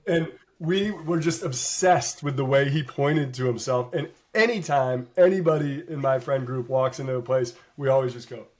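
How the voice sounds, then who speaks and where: A man's voice: mid-range voice, normal speed, hardly any pauses, darkish tone. A man co-hosting a podcast in casual chat, enthusiastic and laughing as he recalls favorite scenes. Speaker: podcast co-host.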